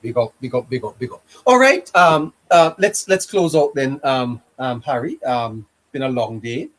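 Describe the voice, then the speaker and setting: A man hosting a live stream, upbeat and quick to laugh in casual chat. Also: medium pitch. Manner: lively, laughs often, upbeat.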